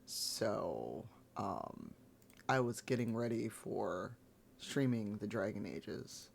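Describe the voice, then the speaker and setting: A man streaming live, chatting casually with viewers in a rambling, laid-back way, his voice gravelly this morning. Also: fairly low pitch, sing-song, takes it slowly, slight background noise. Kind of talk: casual chat.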